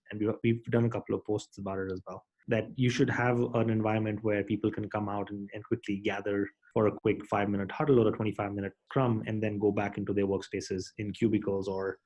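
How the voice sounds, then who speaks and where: A man who co-founded a company, answering as a guest in a business interview, explaining quickly and often repeating words as he restarts. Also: lowish voice, mellow, poor audio. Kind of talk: interview conversation.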